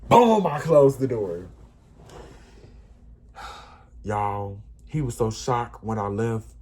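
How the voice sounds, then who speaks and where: A man casually telling a personal story, animated and emphatic, often repeating himself. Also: fairly low pitch, very slow. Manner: animated, repetitive, emphatic retelling.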